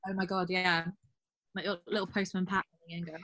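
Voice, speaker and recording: A woman's voice: lowish voice, flat delivery, fast, bright, forceful tone, dry recording. A woman in casual chat, recapping a TV episode, swearing freely and acting out quotes.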